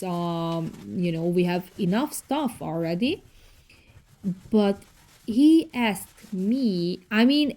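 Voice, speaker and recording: A woman in her thirties with a foreign accent, narrating her cleaning vlog in a casual voice-over with halting, non-native phrasing and many fillers. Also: medium pitch, a little mellow. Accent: foreign accent in English. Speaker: cleaning vlogger.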